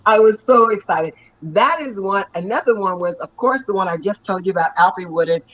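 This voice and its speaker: An actress and stunt performer telling stories with animated energy and frequent laughter during an interview. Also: female voice, medium pitch, fairly quick, muffled recording. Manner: animated, laughs often, lively storytelling. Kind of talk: excited storytelling in an interview.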